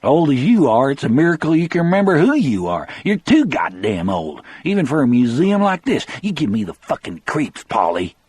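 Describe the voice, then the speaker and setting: A man's voice: medium pitch, huge pitch swings, normal speed, few pauses, a little mellow, husky, dry recording, voice pushed up. A man voicing a sneering, bullying male nursing-home orderly with mocking, menacing taunts.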